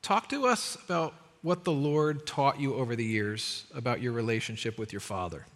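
A man hosting a faith interview, asking questions in a deliberate, emphatic way. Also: mid-range voice, expressive, big-room sound. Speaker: talk show host.

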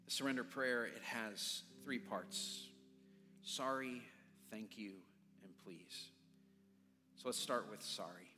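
A man's voice: lowish voice, slow pace, pauses often. A man preaching as a pastor, earnest and pleading, leading a prayer in a church. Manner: earnest, pleading, repeating phrases. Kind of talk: sermon and altar-call prayer. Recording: long reverb, soft music behind.

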